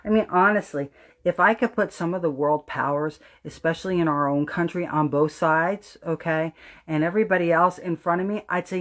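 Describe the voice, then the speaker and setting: A woman with a New Jersey accent hosting a spiritual astrology livestream, talking emphatically and preachily to her viewers, swearing freely and dropping to an intent low voice for emphasis. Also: normal speed, a bit bright.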